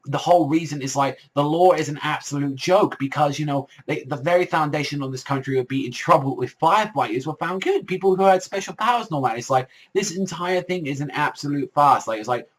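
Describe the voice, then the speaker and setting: A man's voice: a little high, a little fast, hardly any pauses. A young man casually reviewing a manga chapter, rambling with heavy swearing and constant filler words.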